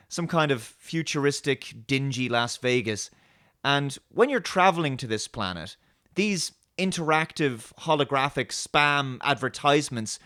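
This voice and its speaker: A man hosting his own show, giving a sarcastic, animated review commentary. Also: mid-range voice. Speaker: host.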